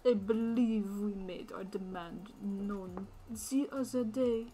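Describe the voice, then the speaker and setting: A woman's voice: mid-range voice, steady tone, soft background music, close to an everyday voice. A woman voicing a menacing female caller in a Russian accent, in whispered role-play. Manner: hushed, slow, threatening.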